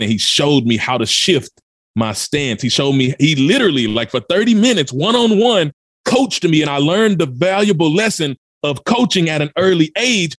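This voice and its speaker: A motivational speaker from Memphis, USA, appears as a podcast guest and tells a dramatic personal story with urgent, emphatic energy. His fairly high, slightly bright voice has lively intonation at a normal pace, and the studio recording is clean with no room sound.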